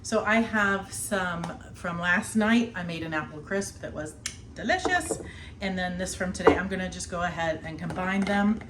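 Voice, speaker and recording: A woman's voice: fairly low pitch, normal speed, hardly any pauses, noisy background. A middle-aged woman casually walking through a kitchen task in her home kitchen, chatty and laughing often as she works. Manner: chatty, laughs often, talks while snacking. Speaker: homestead vlogger. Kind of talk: casual cooking demonstration.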